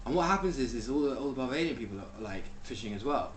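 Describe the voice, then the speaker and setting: A man chatting casually on a podcast, a lively storyteller who swears freely and often restarts his sentences. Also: medium pitch, fast talker, a little hiss or hum. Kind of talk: casual chat.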